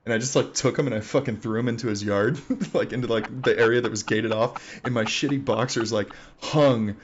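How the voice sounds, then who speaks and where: A man's voice: medium pitch, fairly even intonation, a little fast, dull audio, faint music behind. Profane, laughing male army veteran. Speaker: army veteran telling a war story. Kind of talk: casual storytelling on a live stream.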